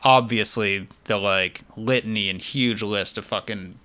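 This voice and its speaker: A man co-hosting a podcast in casual chat. He is animated, laughs often and swears freely. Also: on the low side, measured pace. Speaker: podcast co-host.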